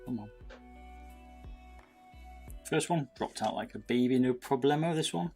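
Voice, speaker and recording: Gravelly British man chatting on a livestream. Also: mid-range voice, unhurried, a little mellow, soft background music. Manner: chatty, talks to viewers, says "mate" a lot. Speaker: livestreamer modding gaming mice. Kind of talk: casual livestream chat while soldering.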